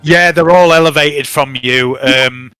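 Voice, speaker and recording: A man's voice: fairly high pitch, measured pace, sharp tone, clear, resonant tone, no room sound, faint music behind, rough recording. A man running a tabletop game as game master, joking and playfully bossy with his players.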